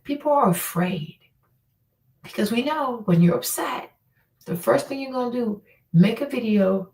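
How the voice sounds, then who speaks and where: A blunt, exasperated woman talks in a fairly high voice, venting her opinions in a casual monologue. She sometimes drops into a whisper to make a point. Her voice sits back from the mic in a roomy, echoey space. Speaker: podcast host. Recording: roomy echo from a distant mic.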